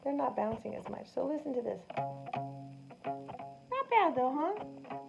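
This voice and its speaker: A woman teaching a science lesson to children, animated and sing-song, often asking them questions. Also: high-pitched, unhurried, vocal fry, music in the background. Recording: dull lo-fi sound with faint noise.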